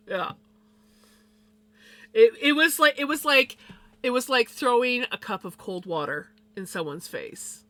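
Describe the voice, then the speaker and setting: Bright-voiced, blunt woman streamer. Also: on the high side, unhurried, pauses often. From Canada. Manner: blunt and expressive, swears freely. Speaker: live streamer. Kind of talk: casual storytelling chat with viewers.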